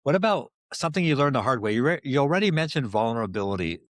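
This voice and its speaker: A podcast host in a casual interview talks fast in a mid-range, sing-song voice. He asks rambling questions and sums up the conversation, restarting often, and the studio sound is clean with no echo.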